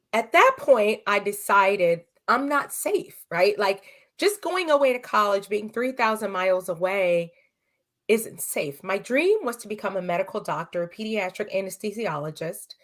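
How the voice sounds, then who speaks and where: A woman's voice: medium pitch, lively intonation, moderate pace. A woman from California, a podcast guest, telling her personal story in an earnest, emotional way and acting out what others said, in a podcast studio. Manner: earnest, emotional, quotes dialogue.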